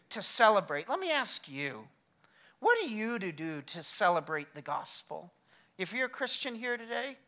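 A middle-aged male pastor giving a sermon in a conversational, energetic way, with self-deprecating humor. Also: sits high.

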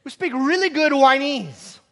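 A man's voice: very high-pitched, animated, unhurried, a bit bright, big-room sound. A man preaching a sermon, acting out scripture scenes and asking rhetorical questions.

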